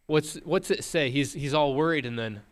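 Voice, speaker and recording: A man preaching a sermon, retelling a story with dramatic pauses and questions to the congregation. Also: a little high.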